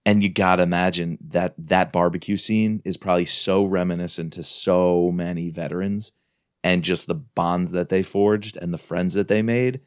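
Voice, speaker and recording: A man's voice: sits low, fairly even intonation, moderate pace, no room sound, clean studio sound. A man co-hosting a podcast, chatting enthusiastically about a thriller novel and reading quotes aloud. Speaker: podcast co-host. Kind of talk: casual book review chat.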